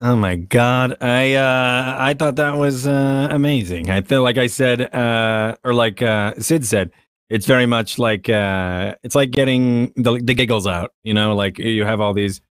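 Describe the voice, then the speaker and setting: A man talks on a video call, giggly and halting, with lots of fillers. His voice is mid-pitched. The sound is dry and close. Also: clear, resonant tone, no room sound. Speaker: tabletop player. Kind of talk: casual chat.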